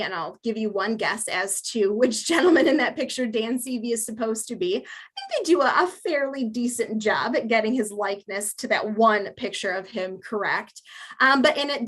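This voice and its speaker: With a medium-pitched, slightly bright voice, a woman lectures on local history at a museum, showing slides. She's chatty and amused, her talk full of fillers.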